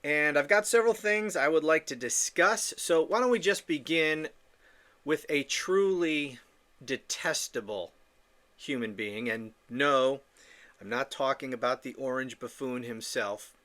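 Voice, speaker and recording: A man's voice: fairly high pitch, normal speed, pushed and bright. A man hosting a political podcast, ranting in an indignant, profane monologue with stammering restarts. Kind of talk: opinion monologue.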